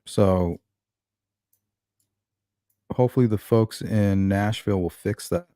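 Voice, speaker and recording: A man's voice: fairly low pitch, slow pace, dark tone, dry recording, studio quality. A man hosting a live true-crime stream, musing over a case and greeting viewers in chat. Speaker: host of a true-crime livestream. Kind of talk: casual live commentary.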